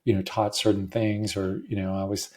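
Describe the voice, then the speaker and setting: A man hosting a podcast, talking in a halting way with many restarts and deep breaths, his voice cracking at times and emotional. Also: little pitch movement, a little mellow. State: emotional, close to tears. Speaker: podcast host. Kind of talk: personal monologue.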